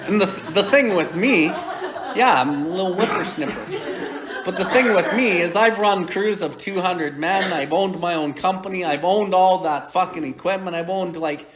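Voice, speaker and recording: A man's voice: high voice, moderate pace, roomy sound, noisy background. A man in his forties hosting a recovery podcast, telling a story in a blunt, profane, casual way with frequent laughter. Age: 40s.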